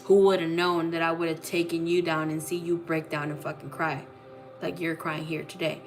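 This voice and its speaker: A woman quoting her smug ex-boyfriend in a soft, falsely sorry tone, with faint music behind her. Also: low-pitched, level tone, moderate pace, lightly acted. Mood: gloating.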